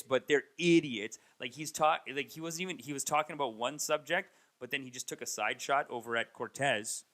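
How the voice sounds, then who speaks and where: A man in his thirties, a comedian, rambling through a casual comedic monologue and mocking people with raised, animated impressions. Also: medium pitch. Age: 30s. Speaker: comedian and podcast host. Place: Toronto.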